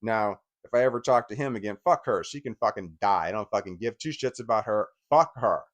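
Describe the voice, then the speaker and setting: A man's voice: fairly low pitch, animated, a little fast. A man in his forties giving an angry, profane personal rant, often stumbling and restarting his sentences. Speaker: vlogger.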